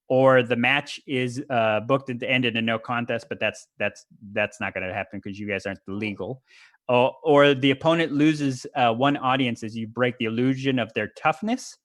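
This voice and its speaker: Male game master, bright tense voice, narrates a tabletop wrestling game with quick bursts of voices and laughter. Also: mid-range voice, no room sound. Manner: laughing, breaks into shouted character voices.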